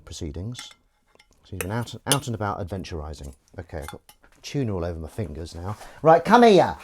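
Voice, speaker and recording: A man's voice: lowish voice, noisy background. A man hosting a casual livestream while he washes up, rambling and joking at his own expense. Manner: rambling, jokey and self-mocking, with false starts and wordplay. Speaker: livestream host.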